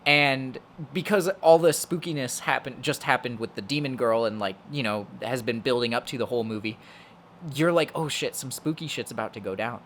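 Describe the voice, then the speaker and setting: Talking fairly quickly in a mid-range, fairly bright voice, this young podcast co-host chats loosely about a horror film, full of filler words and cursing. A little hiss or hum sits in the background.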